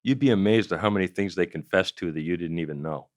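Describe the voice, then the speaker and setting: Low-voiced storytelling comedian, dry close mic. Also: male voice, quick pace, no echo. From Canada. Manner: animated, profane anecdotal storytelling with acted-out quotes. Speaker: comedian and former investigator, guest. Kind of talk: storytelling in a podcast interview.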